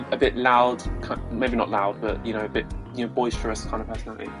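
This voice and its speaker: Brief: British guy, mid pitch, casual rambling streamer commentary, self-deprecating. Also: fairly even intonation, fast, few pauses, music in the background, poor audio. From Britain. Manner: chatty, self-deprecating, trailing off. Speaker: gaming streamer.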